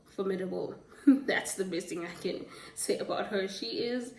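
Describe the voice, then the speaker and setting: A woman's voice: medium pitch, moderate pace, gravelly, a little hiss or hum. Chatty woman in a roomy echo. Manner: chatty, rambling, stops to correct herself. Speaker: book vlogger. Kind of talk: casual book review chat. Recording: roomy, distant from the mic.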